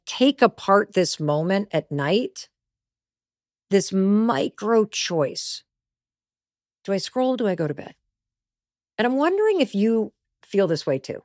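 A woman's voice: fairly high pitch, no echo. Brief: middle-aged woman, motivational podcast host, blunt and conversational, dry studio sound. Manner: candid, emphatic, conversational.

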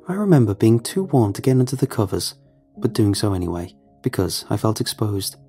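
A man narrating a scripted horror story in a measured, somber way. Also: lowish voice, dark tone, husky.

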